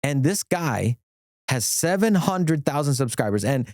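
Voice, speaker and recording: A middle-aged man talks as a guest on a podcast, with an animated, eager delivery that jumps between ideas and restarts his sentences. His voice sits at an ordinary male pitch. The sound is close and dry, with no room echo. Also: a little slow. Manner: animated, enthusiastic, rambling with restarts. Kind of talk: casual podcast conversation.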